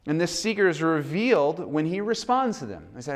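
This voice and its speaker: A man's voice: on the high side, big pitch swings, moderate pace, few pauses. A man preaching a sermon in a conversational, earnest way. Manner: conversational, earnest, acts out quoted dialogue. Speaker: pastor.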